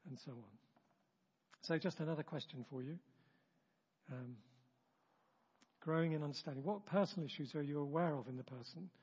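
A man with a husky voice leading a church training session in a chatty, self-interrupting way, acting out example remarks. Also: a little high, a little mellow. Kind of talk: informal teaching talk. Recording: dull, long-reverb room recording.

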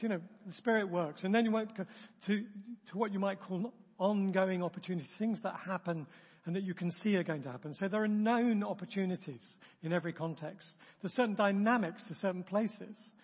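A man with a husky voice leading a church training session in a chatty, self-interrupting way, acting out example remarks. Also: high voice, fairly quick. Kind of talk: informal teaching talk. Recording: dull, long-reverb room recording.

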